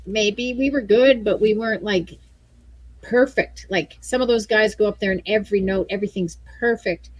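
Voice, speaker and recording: A woman's voice: mid-range voice, moderate pace, no echo, low-quality recording. A woman from Canada, a guest musician talking in a casual chat, restarting her sentences often and laughing easily. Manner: chatty, self-correcting, laughs easily. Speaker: featured artist guest. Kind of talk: casual video call chat.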